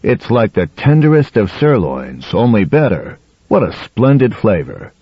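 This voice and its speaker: A man voicing a measured, savoring male dinner guest, in a dull, dry audiobook recording. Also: fairly low pitch, sing-song, slightly rough, dry recording, full character voice.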